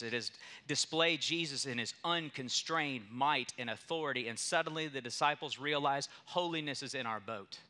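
Young male pastor, very bright tone, emphatic storytelling sermon delivery. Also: mid-range voice. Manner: storytelling, emphatic with rising intensity.

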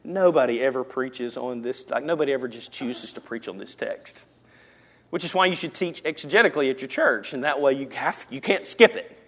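A man preaching a sermon in a church, impassioned, swinging from loud emphasis down to hushed lines. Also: mid-range voice, brisk. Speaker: pastor. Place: church sanctuary.

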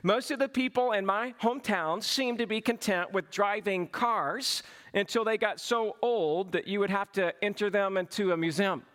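A man's voice: sits high, moderate pace, a bit bright. A middle-aged man with a Southern US accent from Georgia, preaching a sermon in a folksy, humorous storytelling manner. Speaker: pastor.

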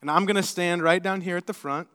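A middle-aged man preaching as a pastor, telling a personal story in a conversational, animated way before leading prayer. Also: high-pitched, fast. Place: church sanctuary. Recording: church hall with long reverb.

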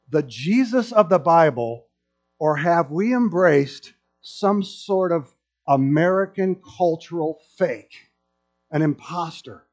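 A man's voice: a little high, slow, faint music behind. A middle-aged man preaching a sermon to a congregation, telling stories with humor. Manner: storytelling with humor, animated. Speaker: pastor. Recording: dull lo-fi sound.

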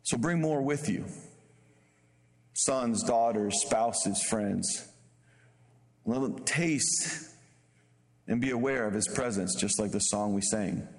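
A man's voice: slow, long pauses, big-room sound. A man preaching a sermon as a guest pastor, casual and conversational, jumping into bold acted-out voices. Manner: animated, acts out bold voices with sharp pitch jumps.

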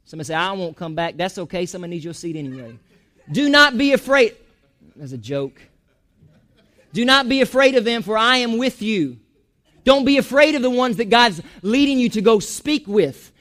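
A man preaching a sermon in a church, animated, joking and going off on asides. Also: high-pitched, moderate pace. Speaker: pastor.

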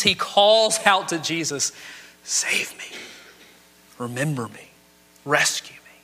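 Man, high bright voice, preaching dramatic sermon, acts out quotes, big reverb. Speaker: pastor. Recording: long hall reverb.

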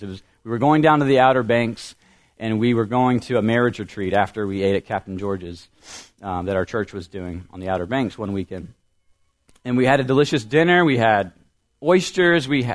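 Young guy pastor giving a sermon, earnest, mid-pitched voice, gets loud then drops way down soft. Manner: earnest storytelling with rising emphasis and soft trailing ends.

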